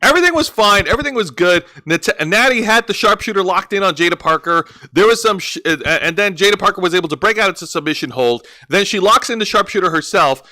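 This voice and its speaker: A man's voice: high-pitched, expressive, fast, hardly any pauses, bright, forceful tone. A man co-hosting a wrestling review podcast in casual chat, rambling with many restarts and fillers.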